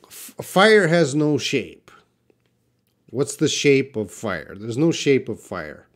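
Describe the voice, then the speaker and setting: A young man teaches English during a live question-and-answer stream, reading viewer questions aloud and explaining patiently, restarting and using fillers. His medium-pitched voice is very animated, and he speaks slowly.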